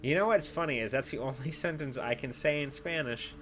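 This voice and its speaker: Young dude rambling thru his game, swears a lot, gets loud on the funny bits, mid-pitch voice. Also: brisk, a little hiss or hum. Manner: animated storytelling, swears freely, jumps to loud exclamations. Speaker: gaming video host. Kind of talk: casual commentary while playing a game.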